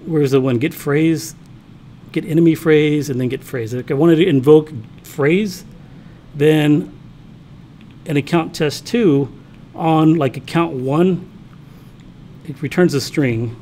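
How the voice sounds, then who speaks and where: Here a male college instructor live-codes during a lecture, relaxed and talking to himself while he types, frequently checking on his students. His slightly high, dark-toned voice moves slowly with frequent pauses, and there's slight background noise.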